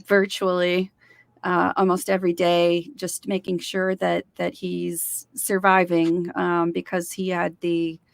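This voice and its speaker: A woman's voice: fairly low pitch, completely flat delivery, slow pace, vocal fry, clean tone, dry recording. A woman co-hosting a podcast, talking casually with many fillers and repeated words, and reading out a guest's bio. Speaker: podcast co-host.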